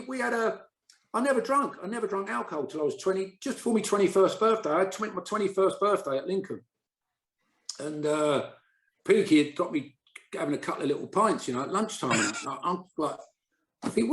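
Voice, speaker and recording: A chatty man spins long anecdotes, slipping into the voices of the people he quotes. His voice sits a touch high. The room around him echoes noticeably. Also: a bit bright. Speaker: podcast guest, former footballer. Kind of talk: casual storytelling chat. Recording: roomy echo.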